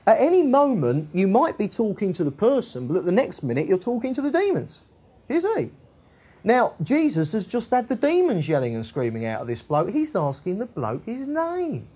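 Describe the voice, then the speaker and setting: Husky, warm-voiced woman teaching scripture. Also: fairly low pitch. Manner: chatty and colloquial, with frequent tag questions. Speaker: Bible teacher. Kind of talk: Bible teaching, reading and explaining scripture.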